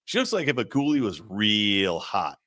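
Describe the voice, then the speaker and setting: Podcast guy riffing crude jokes, bouncy bright voice, dry close sound. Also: lowish voice, normal speed, dry recording. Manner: crude, joking, animated. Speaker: podcast co-host. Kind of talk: casual chat.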